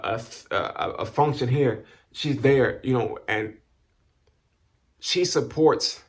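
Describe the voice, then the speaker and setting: A man speaking to camera in a halting, emotional way, repeating and restarting words as he holds back tears. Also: mid-range voice, fairly bright tone. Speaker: vlogger giving thanks. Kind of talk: emotional personal talk to camera.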